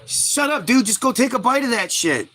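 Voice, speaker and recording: Man playing a blunt bossy Eve, curt orders, high bright voice. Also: animated, normal speed, exaggerated voice. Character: bossy, impatient Eve, woman.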